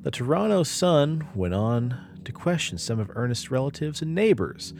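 A man's voice: medium pitch, very animated, moderate pace, gravelly, a little mellow, soft background music. A man hosting a podcast, telling a spooky story in a dramatic, rising and falling way. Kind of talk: storytelling narration.

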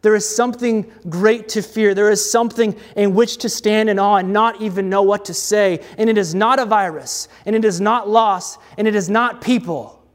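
A man preaching a sermon in a slow, deliberate way, with dramatic pauses and repeated refrains. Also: sits high, fairly even intonation, big-room sound.

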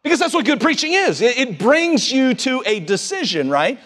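A man preaching a sermon in a folksy, excitable way, often repeating and restarting his words. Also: extremely high pitch, normal speed. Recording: long hall reverb.

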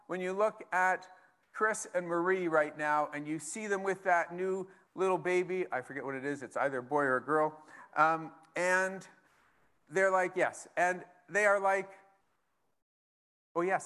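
A man's voice: fairly high pitch, pushed and bright. A man preaching a sermon as pastor, casual and conversational, reading scripture aloud between asides.

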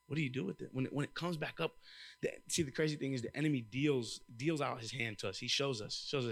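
A young man preaching a sermon, telling lively personal stories and calling out to the congregation. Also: medium pitch, quick pace, gravelly. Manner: lively storytelling with crowd call-outs. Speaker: church intern preaching.

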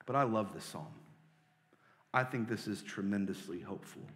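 A man preaching as a pastor, earnest, moving between loud pleading lines and soft hushed ones. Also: fairly low pitch, normal speed. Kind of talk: sermon. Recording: long hall reverb.

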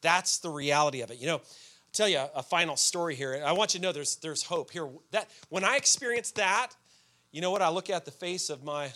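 A man preaching a sermon as pastor, telling everyday stories with sudden shouted outbursts. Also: a little high, a little fast.

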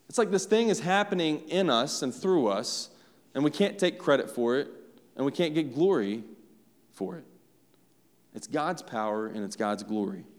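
A man delivers a sermon in a relaxed, conversational way, turning often to address the congregation. His voice sits a little higher than most men's. The sound carries a long reverb from the church sanctuary around him. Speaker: pastor.

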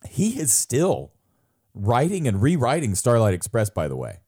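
A man telling stories in casual chat, animated, laughing, and breaking into silly voices for quotes. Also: mid-range voice, normal speed, slightly rough.

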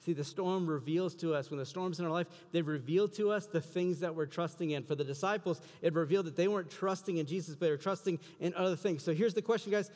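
A man preaching a sermon as pastor, building to loud, emphatic passion. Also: fairly high pitch, fast, few pauses. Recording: long hall reverb.

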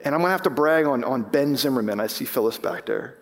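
A man's voice: mid-range voice, lively intonation, fast talker, long reverb tail. A man preaching as pastor, impassioned, rising and falling with emphasis, often restarting his sentences. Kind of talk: sermon. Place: church sanctuary.

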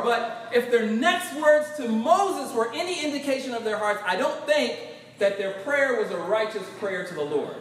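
High-voiced preacher in an echoing hall. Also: male voice, recorded from a distance. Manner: animated, acts out biblical voices, laughs often. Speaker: pastor. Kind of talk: sermon. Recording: very echoey hall, voice from off mic.

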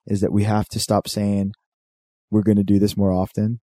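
A man's voice: lowish voice, monotone, moderate pace, warm tone, dry recording, clean studio sound. A man co-hosting a podcast, chatting casually and joking, swearing freely and acting out stories. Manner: swearing, joking, sings snatches of songs. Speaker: podcast co-host.

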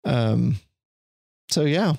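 A man's voice: medium pitch, animated, extremely slow, creaky, darkish tone, husky, dry recording. Reflective middle-aged man, dry close mic. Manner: reflective, thorough, self-deprecating. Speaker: podcast guest. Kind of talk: casual conversational interview.

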